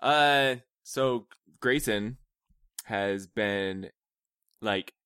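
A man's voice: lowish voice, drawn-out words, fairly bright tone, clear, resonant tone, dry recording, studio quality. A man chatting casually with his co-host about their kids, talking loosely with fillers and restarts. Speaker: co-host, parent. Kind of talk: casual family chat.

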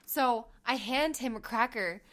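A woman in her thirties, co-hosting a casual chat and telling family stories with animated acted-out quotes. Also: on the high side, unhurried. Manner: animated storytelling, acts out quotes. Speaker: podcast co-host.

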